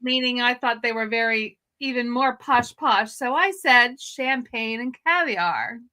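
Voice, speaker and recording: A woman's voice: a little high, unhurried, bright, forceful tone. A woman on a game show panel over a video call, playful and giggly. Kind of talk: casual banter.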